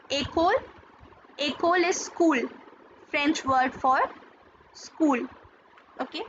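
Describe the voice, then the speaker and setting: A woman teaching a French lesson, slowly and patiently, repeating and spelling out words. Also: high voice, a bit bright. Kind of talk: slow classroom explanation. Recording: dull lo-fi video audio, faint hiss.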